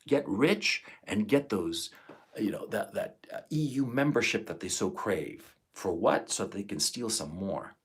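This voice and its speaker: A man's voice: fairly low pitch, lively intonation, a little slow, breathy edge. A man in his fifties ranting on a live stream, emotional and profane. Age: 50s. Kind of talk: angry live stream monologue.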